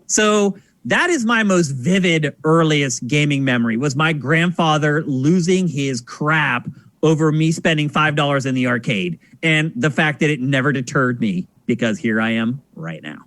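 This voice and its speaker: A man's voice: fairly high pitch, moderate pace, no room sound, studio quality. A man hosting a casual podcast, telling stories and doing voices for the people in them. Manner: animated storyteller, acts out voices. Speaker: podcast host.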